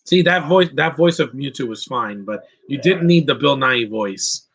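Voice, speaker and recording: A man's voice: mid-range voice, expressive, normal speed, vocal fry, few pauses, fairly bright tone, breathy edge, lo-fi sound. A man hosting a casual live movie commentary, chatty and opinionated, reading out viewer questions and rambling with restarts. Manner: rambling with frequent restarts and laughs.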